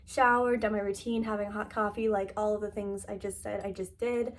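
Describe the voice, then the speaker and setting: Young adult woman, casual vlog host, soft and relaxed, heartfelt delivery. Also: mid-range voice, a little fast. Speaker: lifestyle vlogger. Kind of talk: casual vlog talk to camera.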